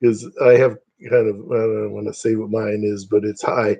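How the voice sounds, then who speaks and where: A man chats casually with his livestream viewers, wandering from topic to topic. His voice sits on the low side with a soft, mellow tone. He jokes easily and often at his own expense. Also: little pitch movement, moderate pace, creaky, slightly rough. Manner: rambling, self-deprecating joking. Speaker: livestream host. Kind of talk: casual chat with live viewers.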